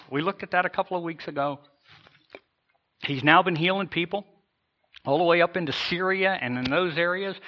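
Man, pastor, emphatic sermon, slightly high voice, muffled lo-fi recording. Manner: emphatic, rising and falling in intensity, acting out imagined voices.

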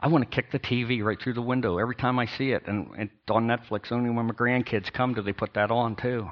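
An older man, a pastor, preaching a sermon in an emphatic, sarcastic way with pauses and restarts. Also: medium pitch, steady tone, highs cut off.

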